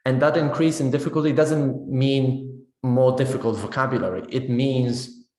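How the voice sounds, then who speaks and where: A man's voice: medium pitch, steady tone, normal speed, a little mellow. Man giving a chatty teaching webinar. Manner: conversational, often checks in with "right?". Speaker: teacher trainer. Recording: roomy echo.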